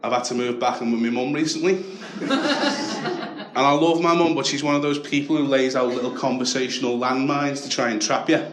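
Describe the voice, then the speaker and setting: A young man with a Liverpool accent doing a stand-up set, telling stories deadpan and then shouting the punchlines. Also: mid-range voice, a little fast, soft background music. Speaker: stand-up comedian. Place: comedy club stage with a laughing audience. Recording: echoey club with audience laughter.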